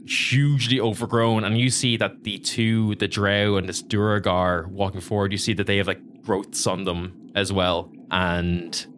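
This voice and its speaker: Rambling game master. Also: male voice, fairly low pitch, flat delivery, unhurried, hardly any pauses, a bit bright, slight background noise. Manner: loose, rambling, lots of fillers. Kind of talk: narrating a tabletop game.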